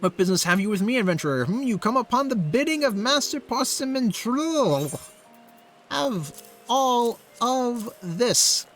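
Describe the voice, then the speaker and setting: Game NPC: haughty female quest giver, formal, voiced by a man, raised pitch. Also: very animated, unhurried, fairly bright tone, soft background music, heavily acted.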